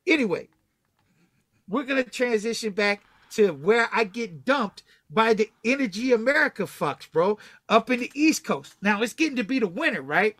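A man's voice: very high-pitched, fairly bright tone, no room sound. A young Southern man from Texas telling a long, loose story full of swearing, acting out the other people's lines as he goes. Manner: loose, swearing, acts out quotes. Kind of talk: casual profane storytelling.

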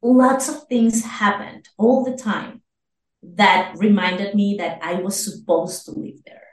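A woman from Venezuela, a guest telling her story animatedly and acting out the voices of people she quotes. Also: medium pitch. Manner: acts out quoted voices, fast bursts. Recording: roomy, distant from the mic.

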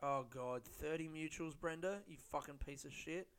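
He's a podcast host alone at a studio-style mic, chatting loosely, cursing a lot and poking fun at himself. His pitch leans high and his pace is normal, with a fairly bright, clear and resonant tone.

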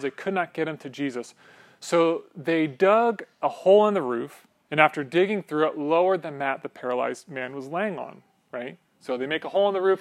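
A man's voice: fairly high pitch, fairly bright tone. A man preaching a sermon in a church, conversational and joking with the congregation, often checking in with "right?". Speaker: pastor.

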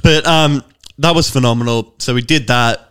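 An Australian man co-hosting a casual podcast chat. He tells a story with lots of animation and breaks into laughter often. His voice sits in a middle pitch. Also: normal speed, clear, resonant tone. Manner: animated, laughs a lot, acts out a local's voice in quotes. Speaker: podcast co-host.

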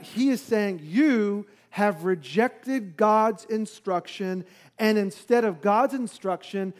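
A man's voice: high voice, a little mellow. A man preaching a sermon, explaining scripture in a conversational teaching manner with occasional fillers. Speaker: pastor.

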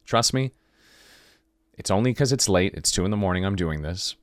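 A man's voice: low-pitched, moderate pace, dry recording, studio quality. A man hosting a podcast, talking through a reflective late-night monologue and acting out the conversations he describes. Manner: animated storyteller, acting out dialogue. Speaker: podcast host.

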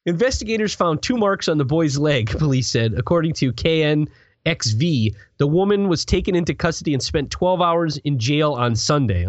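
A man's voice: on the high side, animated, moderate pace, dry recording, highs cut off. A man hosting a casual comedy podcast, reading news stories aloud and joking about them. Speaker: podcast host.

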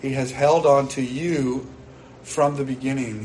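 Here a pastor preaches in a mid-range, slightly mellow voice, a little slow and fairly even in intonation. Earnest and emphatic, he repeats key phrases for emphasis; the mic is distant, with faint background noise.

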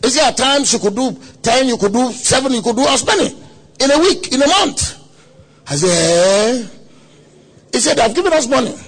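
A man preaching a sermon at a conference, telling a story dramatically with quoted voices and sudden shouts. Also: extremely high pitch, animated, fairly quick, breathy edge. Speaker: pastor. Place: conference hall.

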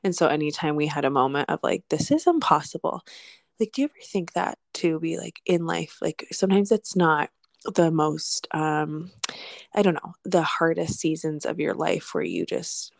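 A woman in her thirties talks through a casual podcast chat, her voice sitting low with a gravelly edge. She rambles and reflects, full of fillers, and the sound is dry and close. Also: normal speed, no room sound. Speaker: podcast co-host.

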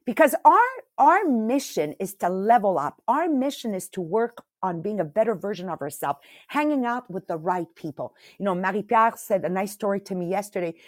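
A woman hosting a morning motivational podcast, talking straight to her listeners with lively, emotional energy. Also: mid-range voice, normal speed, no echo, clean studio sound. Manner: animated, emotional, addresses listeners directly. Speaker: podcast host.

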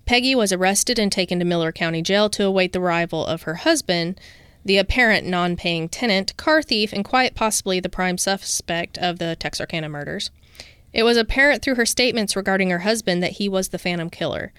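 A woman's voice: medium pitch, a little fast, a bit bright, smooth, no room sound, clean studio sound. A woman co-hosting a podcast, telling a true-crime case from notes and dropping into casual asides. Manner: reads researched notes, breaks into casual asides. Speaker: podcast co-host.

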